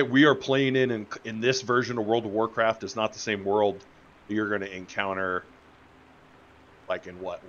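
A man's voice: lowish voice, a bit bright, highs cut off. A young adult man streaming a game live, rambling and joking with his chat as he plays. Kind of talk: casual live-stream gameplay commentary.

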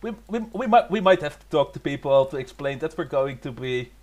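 A man's voice: a little high, animated, brisk, darkish tone. A man casually commentating a game, giggly and joking. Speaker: gamer commentating. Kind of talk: casual chat.

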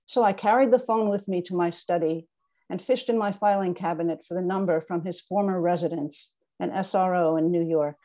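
Middle-aged author lady reading her memoir, dry wry delivery, warm mellow voice. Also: fairly low pitch, brisk.

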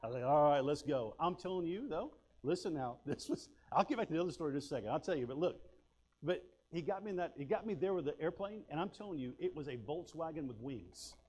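Man, pastor, sermon, folksy stories, loud and hushed turns, higher-pitched voice. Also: lively intonation, fast talker. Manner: folksy storytelling, swings between loud and hushed.

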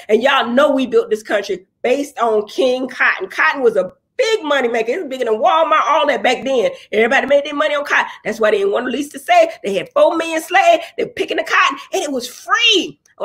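A woman's voice: sits high, a bit bright, breathy edge. A middle-aged woman talking in a blunt, casual, rambling way, swearing freely as she chats straight to her viewers. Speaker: dentist and reality TV personality. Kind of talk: casual opinionated livestream chat.

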